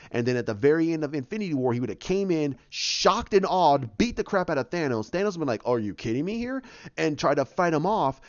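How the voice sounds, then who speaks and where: A man hosting a casual solo podcast, talking excitedly and rambling, acting out scenes with quick voices and sound effects. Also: medium pitch, dull audio. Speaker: podcast host.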